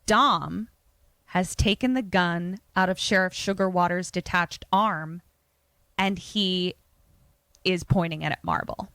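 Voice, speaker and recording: A woman podcast co-host casually retelling a horror film plot, animated and swearing freely. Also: on the low side, slow, no echo. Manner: animated, swearing, lots of fillers.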